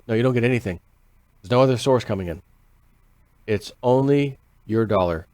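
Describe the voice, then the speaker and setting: Male vlogger, average pitch, animated rhetorical explainer, dry recording. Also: no room sound. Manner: animated, rhetorical, repeats phrases for emphasis. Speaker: financial commentary vlogger. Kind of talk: casual explanatory monologue.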